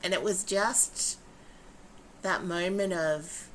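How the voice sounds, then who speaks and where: A woman's voice: lowish voice, takes it slowly, slight background noise. A woman, a podcast co-host and facilitator, chatting casually and acting out quotes as she tells stories. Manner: animated storytelling, acting out quotes with laughs.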